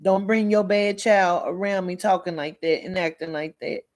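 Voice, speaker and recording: A woman's voice: on the low side, steady tone, moderate pace, darkish tone. A woman hosting a livestream, lecturing viewers bluntly and emphatically with heavy swearing, and answering commenters by name. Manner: lectures sternly with repeated warnings. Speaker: livestream host. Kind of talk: live chat with viewers.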